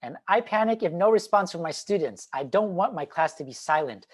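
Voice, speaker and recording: A man giving an online talk on teaching, animated and demonstrative, swinging between loud and quiet. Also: sits high, brisk. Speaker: teacher trainer. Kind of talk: online presentation. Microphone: video call.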